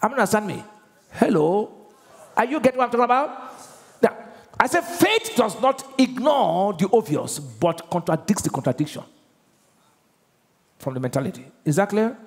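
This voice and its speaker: A Nigerian pastor preaches emphatically in a large church auditorium, constantly asking his congregation questions. His voice sits high and sing-song, creaky, at normal speed with long pauses, and the hall's long reverb trails his words.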